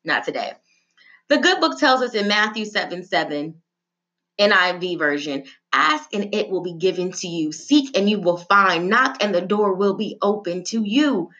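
A woman giving a prayer and a sermon-style talk, chatty and animated, with slang and asides. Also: medium pitch, moderate pace. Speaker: devotional speaker. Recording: dull lo-fi sound with faint music.

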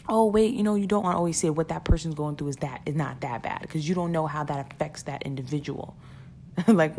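A woman's voice: sits low, creaky, darkish tone, a little hiss or hum. A woman talking casually and earnestly to her listeners about keeping perspective, often repeating words and laughing between points. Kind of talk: casual motivational talk.

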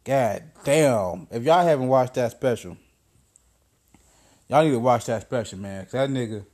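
A man hosting a podcast, telling stories in a casual monologue, profane and excitable, full of slang. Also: medium pitch, a little slow. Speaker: podcast host.

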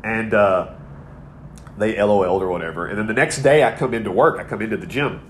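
A man's voice: on the low side, a little fast, a little hiss or hum. A man in his thirties co-hosting a podcast, telling a long, rambling, profane story in casual chat. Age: 30s. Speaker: podcast co-host.

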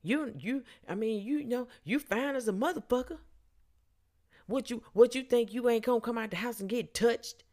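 A woman's voice: mid-range voice, big pitch swings, fairly quick, creaky, darkish tone, pitched above the performer's own voice. A woman voicing a drunk, pushy man at a bar who talks in a crude, whiny, badgering way. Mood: indignant.

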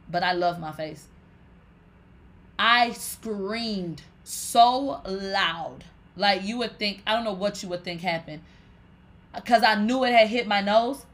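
A woman hosting a live stream, telling stories to viewers in a loose, rambling way, swearing constantly and calling her audience "bitch". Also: mid-range voice. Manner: animated, profane, swears and calls listeners "bitch" often; rambling, with many fillers like "like". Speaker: livestream host. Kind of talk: casual storytelling to viewers.

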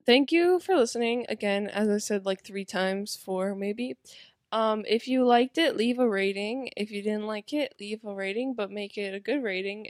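A woman's voice: medium pitch, dry recording, studio quality. A young woman co-hosting a casual podcast, tired and giggly, lying down as she talks. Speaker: podcast co-host. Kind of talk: casual chat. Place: small room, lying on a pillow.

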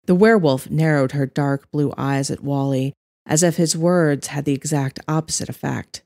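A woman narrating a story as its author, in an even, measured reading. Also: deep voice, no room sound, studio quality.

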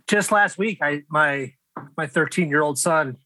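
A man's voice: on the high side, slow pace, sharp tone, low-quality recording. A middle-aged man hosting a casual podcast discussion, chatty and laughing often. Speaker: podcast host.

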